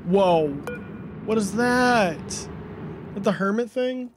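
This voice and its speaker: A man's voice: high-pitched, slow pace, noisy background. A male streamer giving live gameplay commentary, rambling and puzzled, asking himself questions aloud as he plays.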